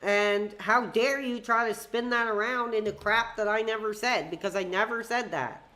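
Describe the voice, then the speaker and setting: A woman's voice: a little high, steady tone, moderate pace, pushed and bright. A woman hosting a live stream with fan call-ins, talking in a heated, ranting way with frequent swearing. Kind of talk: live-stream chat with fans.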